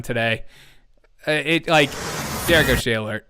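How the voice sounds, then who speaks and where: A man's voice: mid-range voice, moderate pace, sharp tone, slight background noise. A man hosting a live comedy news show, mocking clips with sarcastic commentary, laughing often and talking to his chat.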